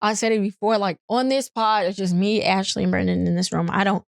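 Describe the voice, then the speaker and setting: A woman's voice: mid-range voice, steady tone, brisk, vocal fry, no echo, studio quality. A young woman co-hosting a podcast, talking candidly in casual chat, repeating herself and using lots of slang. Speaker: podcast co-host.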